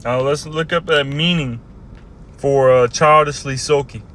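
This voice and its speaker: A man casually teaching scripture, earnest and halting, reading verses slowly and with emphasis. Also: mid-range voice, steady tone, fairly bright tone. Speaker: bible teacher.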